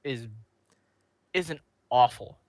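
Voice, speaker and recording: A man's voice: medium pitch, extremely slow, no echo, clean studio sound. A man co-hosting a casual podcast, blunt and dismissive, with some swearing. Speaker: podcast co-host.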